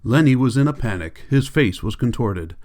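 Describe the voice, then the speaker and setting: Man reading an audiobook, mid-pitched. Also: expressive, normal speed, mellow. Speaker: audiobook reader. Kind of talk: audiobook narration.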